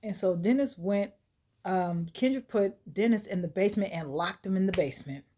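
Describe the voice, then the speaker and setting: A woman telling a horror short story in a chatty, animated, casual way. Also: medium pitch, moderate pace.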